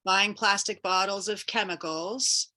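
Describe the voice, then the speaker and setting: A woman entrepreneur, a podcast guest, calmly explaining how her invention works. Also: a little slow. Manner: clear, explanatory pitch of her product. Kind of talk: casual interview answer.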